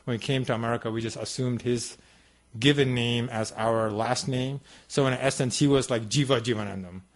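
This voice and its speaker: A man's voice: medium pitch, fairly even intonation, moderate pace. A man giving a talk to an audience at a devotional center, telling a personal story in a conversational, meandering way with many asides. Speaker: guest speaker at a devotional center.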